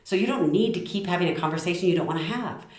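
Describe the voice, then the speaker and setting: Middle-aged woman, low voice, passionate talk to camera in an echoey room. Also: quick pace. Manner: passionate, lively, acts out little quoted lines. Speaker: speaker giving communication tips.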